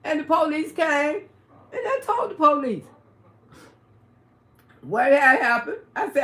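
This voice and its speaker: Animated, profane storytelling woman. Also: high-pitched, unhurried, long pauses, reverberant. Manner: profane, animated, emphatic retelling. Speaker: livestream host. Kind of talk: casual storytelling to a live audience.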